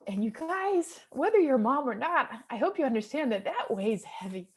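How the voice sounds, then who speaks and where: High-voiced woman in her 30s telling a heartfelt story to a crowd, earnest, goes from hushed to excited. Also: moderate pace. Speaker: real estate investor speaker. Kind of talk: personal story told to an audience.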